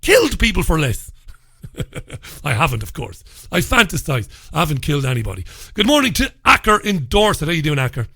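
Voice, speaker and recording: A man's voice: on the high side, sing-song, fairly quick, pushed and bright, no echo, studio quality. A man hosting a radio talk show, chatting casually, telling blunt jokey stories and swearing freely. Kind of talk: casual chat show with newspaper review.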